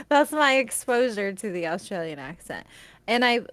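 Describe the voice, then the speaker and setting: Casual female co-host, lively and profane, dry close mic. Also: a little high, a little slow, dry recording. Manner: animated, laughs often, swears casually. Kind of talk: casual chat.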